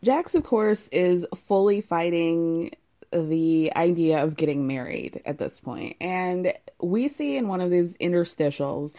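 A woman's voice: on the low side, warm tone. A young adult woman recapping a reality show in casual, wry chat, laughing often.

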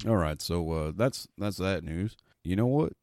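Deep mellow guy rambling through a comedy radio show, cracks jokes, dry sound. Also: animated, measured pace, no echo. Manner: rambling, wisecracking. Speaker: fill-in radio host. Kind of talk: comedic radio play narration.

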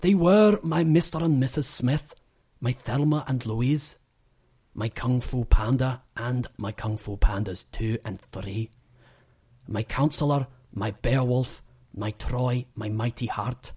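A grieving poet with a put-on Scottish accent, done by a man for laughs. He recites slowly and darkly, each line weighed down. His voice is husky and mellow. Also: mid-range voice, voice pushed up. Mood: mock-solemn. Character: man mock-mournfully reciting a funeral poem. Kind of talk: dramatic poetry reading.

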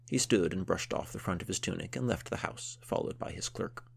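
A man narrating a historical novel in a steady, measured storytelling manner. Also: sits low, vocal fry, husky.

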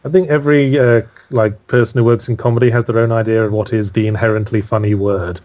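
A man's voice: on the low side, steady tone, fast, a little mellow. A man with an English accent, a podcast guest chatting casually, with dry, wry humor. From England. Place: home in Australia, remote call.

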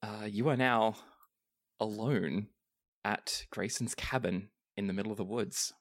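A man's voice: on the low side, a little slow, no echo, clean studio sound. A man narrating as game master of a tabletop game, easygoing, with plenty of fillers.

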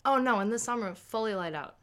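This is a young woman guesting on a casual podcast. She chats easily and tells her stories in an animated way. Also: fairly high pitch, fast talker. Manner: chatty storyteller, animated anecdotes. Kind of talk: casual chat.

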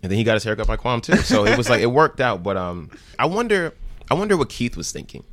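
A man's voice: medium pitch, fast talker, dry recording. A man from New Jersey, a podcast guest, telling casual stories and acting out the quoted lines of the people in them. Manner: animated, acts out quoted dialogue. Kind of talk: casual storytelling chat.

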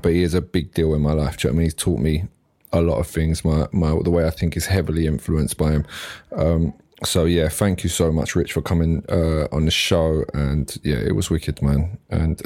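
A man's voice: extremely low pitch, warm tone. A man hosting a podcast, talking in a laid-back, slangy way and swearing casually. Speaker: podcast host. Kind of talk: casual chat.

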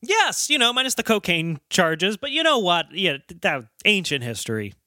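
A man's voice: high-pitched, very animated, normal speed, bright, forceful tone, no echo, studio quality. A man co-hosting a casual podcast, joking around and laughing, then wrapping up the episode. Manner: jokey, chuckling, sign-off patter. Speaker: podcast co-host.

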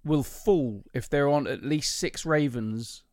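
A man's voice: mid-range voice, a little slow, darkish tone, no room sound, clean studio sound. A man co-hosting a podcast in casual chat, eagerly sharing trivia and laughing as he goes. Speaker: podcast co-host.

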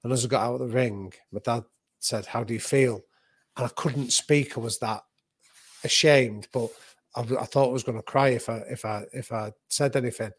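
A man, a boxing coach and author, telling a story in vivid anecdotal detail, with quick restarts as he goes. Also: mid-range voice, slightly rough, no room sound. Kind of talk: animated conversational storytelling.

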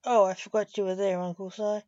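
A woman's voice: medium pitch, level tone, brisk, warm tone, no echo, natural voice. Blake, grim reaper king, read by a woman. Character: grim reaper king, calm male investigator. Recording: dull, dry lo-fi audio.

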